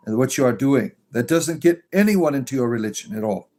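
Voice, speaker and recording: A man's voice: medium pitch, lively intonation, brisk, few pauses, warm tone. A man hosting a pagan livestream, reading and answering chat comments in a sarcastic, exasperated way with lots of fillers. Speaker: pagan clergy livestream host.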